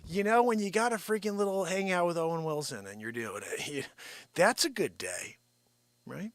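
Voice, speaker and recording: A man's voice: high voice, normal speed, no room sound. A man hosting an improvised comedy livestream, joking and talking to his viewers. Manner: jokey, animated, talks to chat. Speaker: livestream host.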